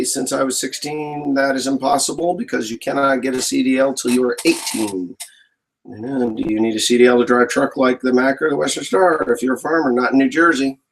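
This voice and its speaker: A man's voice: medium pitch, a bit bright, low-quality recording. A man, a farmer, casually answering viewer questions in a rambling, joking way. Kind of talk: casual live Q&A chat.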